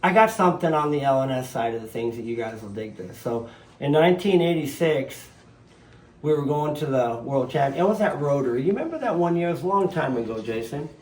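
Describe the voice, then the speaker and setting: Briskly and at medium pitch, a Southern-accented man in his fifties, from southern Louisiana and raised in Nevada, tells lively stories as a guest in a casual interview at home. A retired jet ski racer, he acts out the voices he quotes. The living room sounds roomy, with faint ambience.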